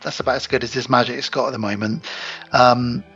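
A man with a gravelly, husky voice and a bright, forceful edge, talking through a film in casual podcast chat. He is animated and breaks into put-on voices for the characters. Faint music sits under the talk. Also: medium pitch, fairly quick, muffled recording. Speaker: podcast co-host.

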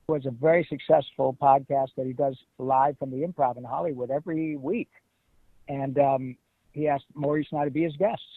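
A middle-aged man from Detroit, telling stories as an interview guest in an animated, emphatic way. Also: medium pitch, no room sound. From Detroit, USA. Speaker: guest voice actor. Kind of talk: casual interview. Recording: tinny phone-like line.

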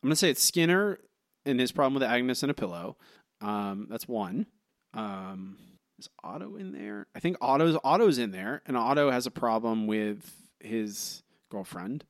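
Male co-host, mid-pitched, dry close sound, teasing and rambly, lots of ums. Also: lively intonation, normal speed, no room sound. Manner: teasing, rambling with many fillers. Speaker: podcast co-host. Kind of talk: casual trivia chat.

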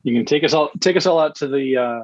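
A man's voice: fairly high pitch, fast talker. A man hosting a podcast in easygoing casual chat, steering the conversation. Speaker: podcast host. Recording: dull lo-fi dry sound.

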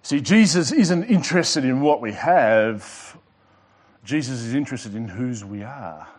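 A man's voice: medium pitch, animated, a little mellow. A male pastor preaching a sermon with emphatic delivery, repeating and underlining his words. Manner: emphatic preaching with pauses and repetitions.

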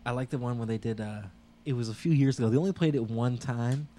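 A man co-hosting a casual podcast chat, laughing a lot and retelling scenes with animated put-on voices. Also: mid-range voice, quick pace, a little hiss or hum. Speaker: podcast co-host.

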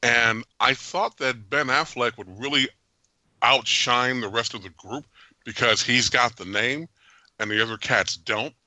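A man hosting a podcast, giving an animated, jokey and opinionated movie review with frequent laughs. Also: medium pitch, measured pace, no room sound. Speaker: podcast host. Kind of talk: casual movie review chat.

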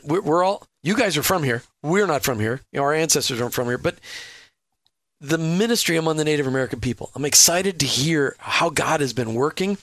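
A man's voice: fairly high pitch, a bit bright, no room sound, studio quality. A man hosting a Christian radio talk show, enthusiastic, with stumbling restarts.

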